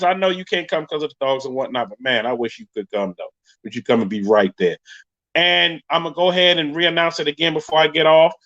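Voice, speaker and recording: Hyped, fast-talking podcast host. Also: male voice, a little high, a bit bright, lo-fi sound. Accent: New York. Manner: hyped, talkative, addresses viewers directly. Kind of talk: casual live-stream chat.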